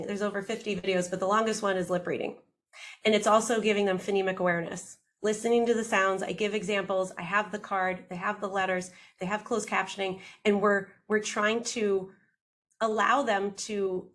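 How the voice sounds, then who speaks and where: Lively, quick-talking woman audiologist. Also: medium pitch. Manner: lively, quick, acts out patient quotes. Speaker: audiologist guest. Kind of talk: casual interview talk.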